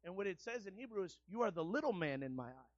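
A man pastor preaching a sermon in a colloquial style, rising to loud shouted refrains. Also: sits high, big pitch swings, fast talker, no echo, highs cut off.

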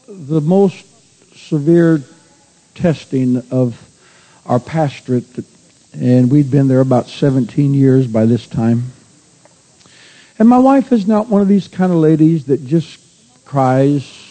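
A man's voice: mid-range voice, warm tone, rough recording. A middle-aged man, preaching a sermon as a pastor in a folksy storytelling way that builds to fervent exhortation.

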